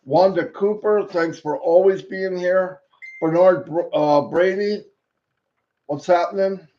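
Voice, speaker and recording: Slow-talking man with a playful live-stream manner. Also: high-pitched. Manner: playful, rhyming, sing-song call-outs. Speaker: host greeting viewers. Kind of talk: live stream shout-outs. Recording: dull lo-fi stream audio.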